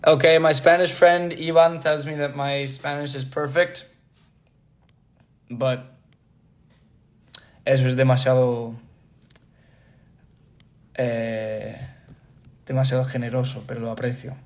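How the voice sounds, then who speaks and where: A man's voice: medium pitch, little pitch movement, measured pace, pauses often. Laughing young man chatting on a livestream. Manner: laughs often, reads comments aloud, switches between languages. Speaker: actor answering fans. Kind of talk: casual livestream chat.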